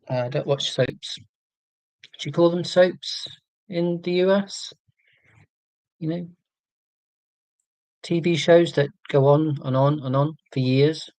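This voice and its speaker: A man's voice: fairly high pitch, slow, pauses often, darkish tone, dry recording, rough recording. A Scottish man hosting a casual live stream from home, chatting in a rambling, self-deprecating way and reading out viewer comments. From Scotland.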